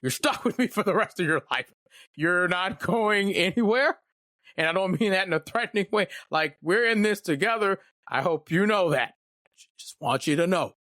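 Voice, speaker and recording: A man's voice: high-pitched, expressive, normal speed, sharp tone, no echo, clean studio sound. Candid, rambling young male podcaster. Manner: candid, rambling, joking asides. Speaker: podcast host. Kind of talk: casual solo podcast monologue.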